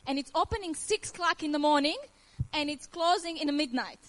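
A high-voiced woman in her thirties speaks with a Croatian accent, giving her personal faith testimony. Her English is nonnative and earnest, and laughter breaks in often as she speaks with feeling. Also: fairly quick, a bit bright, low-quality recording.

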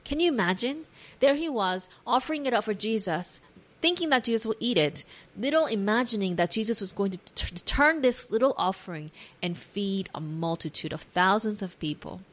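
A woman giving a devotional talk, reading scripture aloud and retelling the story imaginatively with gentle asides to the listener. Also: mid-range voice, expressive, moderate pace. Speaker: devotional speaker.

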